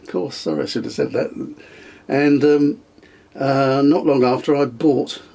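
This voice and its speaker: Older man, husky, mid-pitched, hesitant storyteller. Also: fairly even intonation, measured pace, warm tone. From England. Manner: hesitant, many ums and restarts, chuckles often. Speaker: interviewee, the host's father. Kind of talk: casual reminiscing interview.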